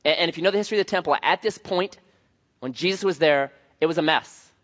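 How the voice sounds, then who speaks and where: A man preaching a sermon as pastor, telling stories in an animated way with voiced asides. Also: a little high, fast talker, muffled recording.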